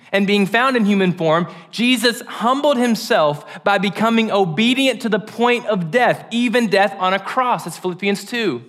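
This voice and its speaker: High-voiced man preaching a lively sermon. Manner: animated and joking, acts out quoted voices.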